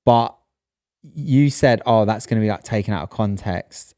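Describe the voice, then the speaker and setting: Podcast co-host, man, fairly low voice, reassuring and explanatory, dry close sound. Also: normal speed, dark tone, no room sound. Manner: reassuring, explains things in context. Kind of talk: casual chat.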